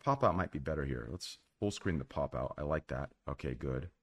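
A man's voice: rumbling low, fairly quick. A man hosting a casual group video call, teasing his guests with lots of swearing. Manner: profane, teasing, animated. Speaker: host.

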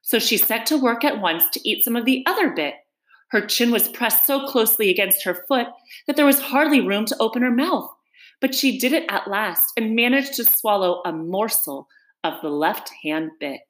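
A woman reading a children's book aloud, expressive and animated, in an echoey room. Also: on the high side, normal speed. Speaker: storyteller.

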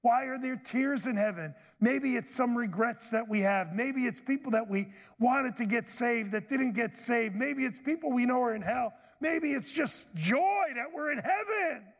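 A man's voice: extremely high pitch, expressive, a little slow, few pauses, long reverb tail. A middle-aged man preaching a sermon as pastor, folksy and chatty, calling out to the congregation for amens. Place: church sanctuary.

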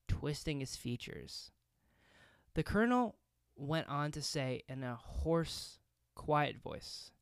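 A man's voice: a little high, gravelly, clear, resonant tone, dry recording, clean studio sound. A man narrating history in a casual podcast style, with conversational, reflective asides and the odd filler.

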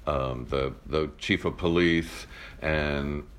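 A man's voice: rumbling low, fairly even intonation, slow pace. A man with a rich, broadcast-style voice co-hosting a podcast, telling stories earnestly in casual chat. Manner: earnest, storytelling. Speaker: podcast co-host.

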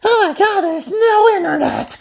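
A man doing a shrill panicking internet addict. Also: moderate pace, creaky. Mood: panicked. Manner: frantic, whiny falsetto.

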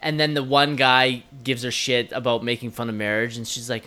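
A man's voice: mid-range voice, normal speed, few pauses, bright, forceful tone. A man co-hosting a movie podcast, talking in an enthusiastic, casual way and swearing freely. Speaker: podcast co-host. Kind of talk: casual chat.

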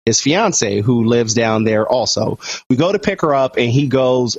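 Husky man reading a story aloud. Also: mid-range voice, lively intonation, a little slow, dry recording. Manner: laughing, profane reading of the story. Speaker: podcast co-host. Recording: dull lo-fi podcast audio.

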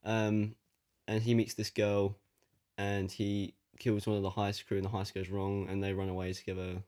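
A man's voice: lowish voice, completely flat delivery, moderate pace, darkish tone. Dry, teasing man. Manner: dry, teasing, laid-back. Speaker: podcast co-host. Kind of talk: casual chat.

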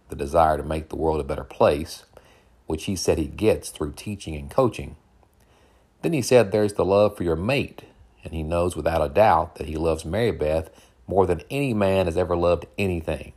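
A man with a very deep, husky voice voicing a playful young woman on a first date, in a lightly raised, teasing tone. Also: normal speed, darkish tone. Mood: tender.

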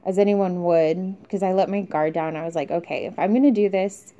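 A woman's voice: lowish voice, a little fast, dark tone. Rambling young woman, dull lo-fi sound. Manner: rambling, candid, trailing off with fillers and laughs. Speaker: podcast host. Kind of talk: casual confessional monologue.

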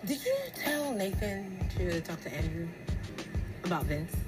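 A woman's voice: on the low side, big pitch swings, unhurried, music in the background. An actress playing a young woman who confronts her best friend in a heated, accusing argument, in a clip from a TV series.

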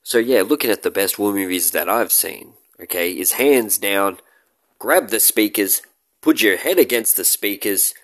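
A man's voice: fairly low pitch, expressive, a little slow, no echo. A man talking casually to his audience in a rambling, joking way about films he likes. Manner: joking, rambling, with loud shouted bits and laughs. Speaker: movie vlogger. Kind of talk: casual rambling talk to camera.

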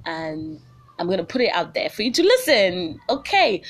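A woman's voice: fairly low pitch, sing-song, a little slow, husky, soft background music. Bubbly Nigerian woman podcaster. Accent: Nigerian English. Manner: bubbly, chatty, slips into pidgin. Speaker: podcast host. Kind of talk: solo motivational podcast chat. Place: small home. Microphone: phone.

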